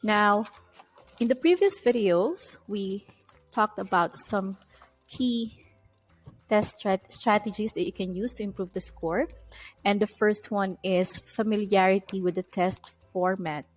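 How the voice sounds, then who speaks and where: A woman giving a recorded English test-prep lecture in a mid-pitched voice. She explains each point step by step and leans on key terms. Faint music plays in the background. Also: unhurried, poor audio.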